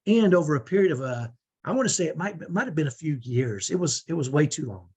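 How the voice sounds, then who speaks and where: Husky middle-aged man coaching parents. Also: fairly high pitch, animated, fast talker, a little mellow. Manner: conversational, often ends points with "right?". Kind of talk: teaching talk to parents.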